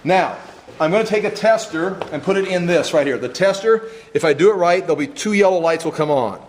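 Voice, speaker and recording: A man's voice: high-pitched, lively intonation, brisk. A man teaching a hands-on wiring class, explaining each step and checking that his students are following. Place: classroom workshop. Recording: echoey classroom, faint noise.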